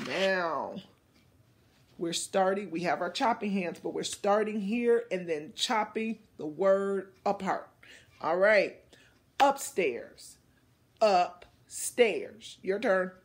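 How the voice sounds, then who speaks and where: A female teacher runs a phonics lesson for small children, speaking slowly and deliberately as she models words and offers encouragement. Her pitch is medium, with a little hiss or hum in the recording.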